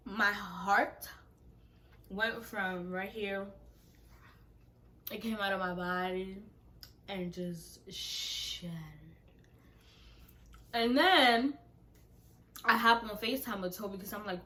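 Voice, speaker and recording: A young woman telling a heartbreak story to her camera in a casual vlog style. She acts out both sides of the texts and goes off in loud, heated bursts, then drops low and soft again. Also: animated, unhurried, pauses often. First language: Nigerian heritage, speaks English.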